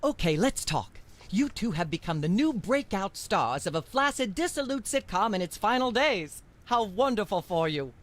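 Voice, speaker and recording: A woman voicing a condescending talk show host in a video game, with sharp, acerbic remarks. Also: medium pitch, sing-song, normal speed, lightly acted. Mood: haughty.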